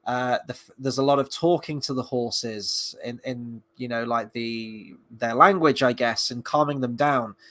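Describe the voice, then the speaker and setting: A man's voice: mid-range voice, steady tone, unhurried, few pauses, bright, forceful tone. A man giving a casual spoken review of a TV episode, rambling and sarcastic, with frequent fillers and restarts. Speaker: film and TV reviewer.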